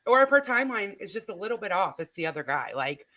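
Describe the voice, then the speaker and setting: A woman's voice: mid-range voice, big pitch swings, quick pace, fairly bright tone, dry recording. A woman hosting a livestream in a chatty, agreeable casual chat. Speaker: livestream host.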